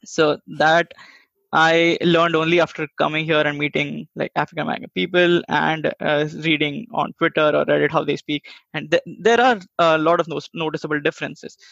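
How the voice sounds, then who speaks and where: Podcast co-host, man from India, wry, gravelly, a bit higher voice. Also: steady tone, moderate pace, a bit bright, no echo, muffled recording. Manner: wry, laughs while talking. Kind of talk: casual chat.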